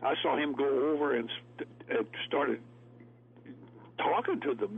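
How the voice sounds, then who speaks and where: A man's voice: mid-range voice, big pitch swings, moderate pace, vocal fry. A man telling folksy stories as a guest, laughing often. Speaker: actor guest. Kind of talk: storytelling interview. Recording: tinny phone line, radio.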